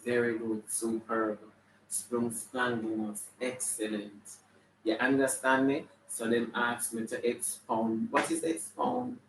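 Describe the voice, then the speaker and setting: A man with a Jamaican accent playing a flamboyant, sassy female character full of attitude, hosting a live stream and shouting out viewers' names. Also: mid-range voice, flat delivery, takes it slowly, a little hiss or hum, voice pushed down, natural voice. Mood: gossipy. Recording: echoey room, mic at a distance.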